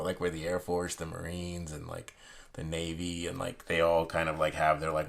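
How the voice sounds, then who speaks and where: A man's voice: low voice, fairly even intonation, moderate pace, creaky. A young man chatting casually while reviewing a deck of playing cards, rambling from one story to the next with many fillers and restarts. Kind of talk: casual unboxing chat.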